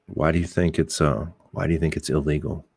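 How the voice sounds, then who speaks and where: A man's voice: rumbling low, steady tone, a little fast, creaky, a little mellow, slightly rough. A middle-aged man hosting a podcast, talking bluntly and rambling in casual opinionated chat, swearing and restarting his sentences. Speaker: podcast host.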